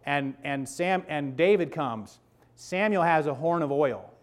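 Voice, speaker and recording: A man's voice: on the high side, measured pace. A man in his fifties preaching a sermon to his congregation, conversational and emphatic, checking in with "okay?" and "right?" asides. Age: 50s. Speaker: pastor.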